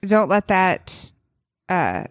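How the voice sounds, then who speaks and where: A woman co-hosting a chat podcast, playful and quick to back up her partner. Her pitch moves in lively leaps, and the sound is close and dry. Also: no room sound. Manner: playful, chimes in with quick agreement. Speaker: podcast co-host.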